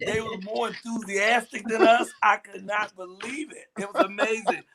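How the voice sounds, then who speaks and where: A man's voice: sits high, steady tone, normal speed. Effusive male talk-show host over a crowd. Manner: effusive, warm praise. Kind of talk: casual talk show chat.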